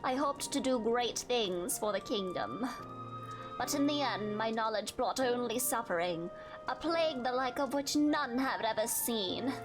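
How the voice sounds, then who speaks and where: A woman voicing a grave, scholarly woman researcher of the soul, speaking in measured, formal, old-fashioned phrasing over game music. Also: on the high side, lively intonation. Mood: regretful. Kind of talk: reading game dialogue aloud.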